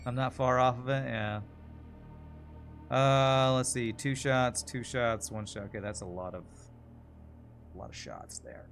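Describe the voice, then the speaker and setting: A man's voice: medium pitch, animated, unhurried, creaky, long pauses, music in the background. A man streaming a video game, chatting casually and answering viewer questions while he plays. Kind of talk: casual gameplay commentary.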